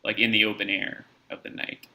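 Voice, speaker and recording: A man plays a tabletop game casually and keeps asking curious questions. His voice is gravelly with a sharp, tense edge, and sits fairly low. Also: little pitch movement, a little fast, low-quality recording. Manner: curious, asks many questions. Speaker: player.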